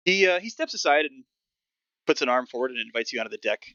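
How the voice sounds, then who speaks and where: A man's voice: medium pitch, animated, quick pace, bright, forceful tone, no echo. A man narrating as game master of a tabletop game, describing scenes loosely with plenty of fillers. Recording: dull lo-fi dry mic.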